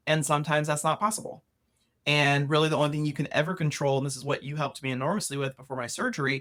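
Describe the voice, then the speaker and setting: A man hosting a podcast, musing at length in a relaxed, rambling way before asking his guest a question. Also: fairly high pitch. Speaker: podcast host. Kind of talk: casual interview talk.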